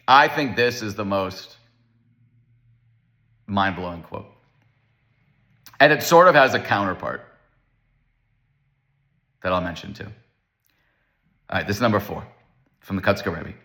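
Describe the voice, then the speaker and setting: A man giving a casual Torah lecture, animated and storytelling, acting out the voices of the people in his stories. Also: on the low side, slow, long pauses.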